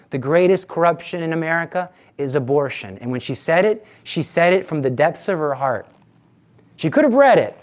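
A man's voice: fairly high pitch, lively intonation, moderate pace. A man speaking earnestly and conversationally as a retreat speaker, giving an informal religious talk to teens and repeating his assurances. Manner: acts out quoted dialogue.

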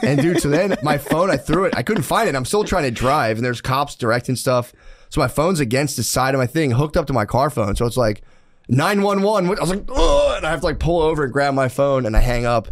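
A man's voice: medium pitch, quick pace. A man telling casual stories with a lot of profanity. He laughs often and acts out quotes in a raised voice. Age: adult father. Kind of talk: casual storytelling chat.

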